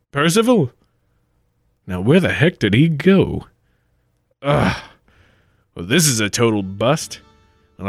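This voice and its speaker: A man's voice: medium pitch, fairly bright tone, no echo. A man playing a friendly, bumbling grail hunter in a 1940s-style radio play, easygoing and a little stammering. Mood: deflated.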